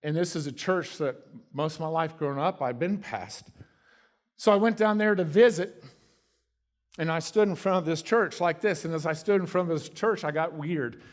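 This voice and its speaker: Man preaching, slightly high voice. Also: normal speed. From Kentucky. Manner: conversational preaching with sudden drops to a soft hush. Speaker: guest preacher. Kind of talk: sermon. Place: church sanctuary.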